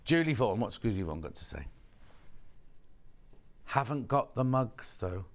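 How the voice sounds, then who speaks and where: Lively, sniffly male shopping presenter. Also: mid-range voice, normal speed. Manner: chatty, teasing banter with off-camera crew. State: sniffly with hay fever. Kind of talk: live on-air selling chat.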